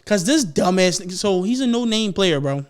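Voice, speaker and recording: High-voiced, animated young man. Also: normal speed, clear, resonant tone. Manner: animated, profane storytelling, rising loud when excited. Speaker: podcast host. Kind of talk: casual chat.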